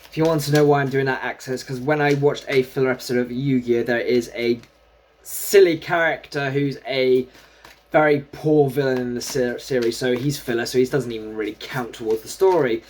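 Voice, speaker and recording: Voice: mid-range voice, steady tone, fairly quick, slight background noise. A tarot reader giving a casual solo reading, chatting and thinking aloud while drawing cards.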